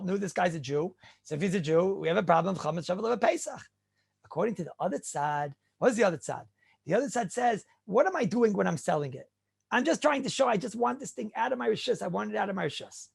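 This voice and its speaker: Middle-aged rabbi, high-pitched and gravelly, animated lecturer who fires off rhetorical questions. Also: male voice. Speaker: rabbi teaching halacha. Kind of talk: halacha lecture.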